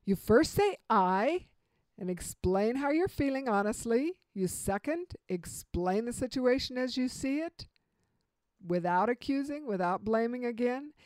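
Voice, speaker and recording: A middle-aged woman giving an earnest instructional talk, slowing down to stress key points. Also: a little high, expressive, a little mellow, no echo. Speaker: communication speaker.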